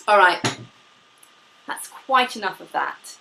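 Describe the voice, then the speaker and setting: A woman's voice: mid-range voice, vocal fry, sharp tone. A woman teaching a pilates class, demonstrating the moves while she talks, upbeat and a little out of breath. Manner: upbeat, demonstrating while talking, laughs often. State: slightly out of breath from exercising. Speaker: pilates instructor. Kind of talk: live online fitness class instruction. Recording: echoey room, mic at a distance, faint hiss.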